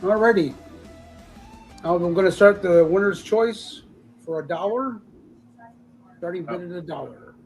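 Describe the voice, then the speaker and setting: A man running a live comic book auction, congested from a sinus infection, joking loosely and clearing his throat as he lists issues and prices. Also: high voice, unhurried, pauses often, soft background music, poor audio. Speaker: auction seller.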